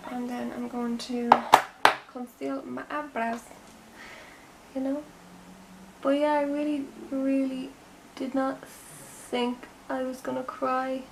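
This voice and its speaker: A young Irish woman chats away while she does her makeup, rambling from one story to the next and sometimes dropping to a soft half-whisper. Her voice sits a little high with a gravelly fry, and a faint hiss runs behind it. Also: level tone, takes it slowly, pauses often. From Ireland. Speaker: beauty vlogger. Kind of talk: chatty get-ready-with-me vlog. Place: home room.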